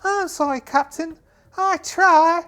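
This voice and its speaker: A man voicing a brash young male pirate with a squeaky, cocky voice. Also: slow, sharp tone, heavily acted. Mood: meek.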